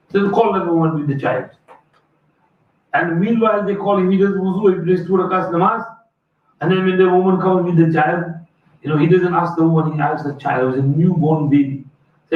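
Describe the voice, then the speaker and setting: High-voiced male teacher telling a story. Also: fairly even intonation, normal speed. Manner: acts out the story's voices, mixes Urdu phrases into English. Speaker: religious teacher. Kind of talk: hadith lesson storytelling. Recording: echoey far-off phone-like recording.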